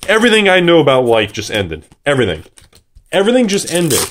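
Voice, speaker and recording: A young man giving excitable unboxing commentary, swearing and shouting in disbelief. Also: on the high side, fast, slight background noise. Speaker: card box opener.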